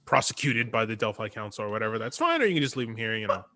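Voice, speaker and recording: Bright-voiced man running a tabletop game. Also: fairly low pitch, big pitch swings, very fast. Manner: laughing, playful, voices characters on the fly. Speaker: game master.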